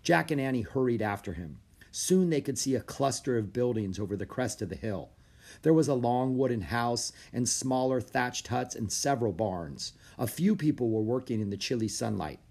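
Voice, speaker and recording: Man, storybook narrator, expressive, husky voice, animated. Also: medium pitch, normal speed. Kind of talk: storybook read-aloud.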